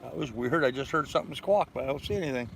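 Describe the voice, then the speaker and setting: A man's voice: medium pitch, expressive, fast, gravelly. Older man chatting on a noisy boat. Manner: rambling, easygoing, reads viewer comments aloud. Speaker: vlog host. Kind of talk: casual livestream chat. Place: on a sailboat in a harbor.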